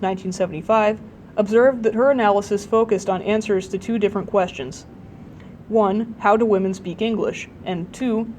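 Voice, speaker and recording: Woman narrator for a nonfiction audiobook, mid-pitched, measured delivery, faint low rumble behind. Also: a little mellow, poor audio. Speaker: audiobook reader.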